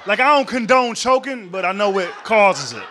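A male stand-up comic telling a story onstage in a comedy club, slangy and animated, acting out the voices as he goes. His voice is high and bright, and it swings up and down all the time. A faint crowd laughs behind him. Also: normal speed, slight background noise. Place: comedy club stage before a live audience.

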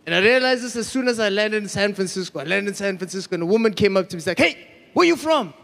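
High-voiced South African comic. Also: male voice, steady tone, rapid-fire, fairly bright tone. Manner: chatty, laughs at his own jokes. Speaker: stand-up comedian. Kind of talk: stand-up comedy set.

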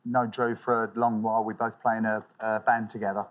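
A man competing on a TV quiz show, answering in a hesitant, low-key way. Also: level tone, brisk. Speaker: quiz contestant. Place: TV studio.

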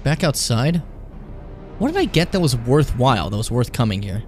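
A man's voice: mid-range voice, sing-song, moderate pace, a little mellow, soft background music. A young man playing a horror game on stream, chatting casually, swearing a lot and taunting the enemy. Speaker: let's play streamer.

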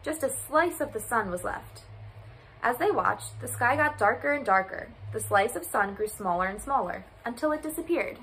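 Bright, lively woman reading to children. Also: on the high side, normal speed, a little hiss or hum, poor audio. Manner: expressive, lively storytelling. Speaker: volunteer reader. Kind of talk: children's storybook read-aloud.

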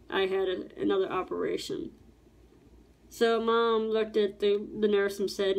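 A woman's voice: mid-range voice, a little mellow. A woman casually telling a personal story to her channel, rambling and repeating words as she acts out what people said.

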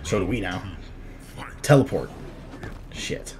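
A young man giving live commentary over his fighting-game matches, casual and self-critical, muttering under his breath and then yelling out at big moments. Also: deep voice, animated, takes it slowly, slight background noise. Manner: reactive, swings from muttering to sudden shouts. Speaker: gameplay commentator.

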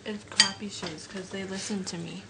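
A woman's voice: medium pitch, fairly even intonation, normal speed. A teenage girl chatting with friends, bossy and teasing. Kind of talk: casual chat among friends. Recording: noisy home video.

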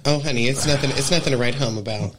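A man's voice: medium pitch, quick pace, fairly bright tone, slight background noise, poor audio. A man who performs in drag, guesting on a podcast, campy and dramatic, calling everyone honey and baby. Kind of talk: casual chat.

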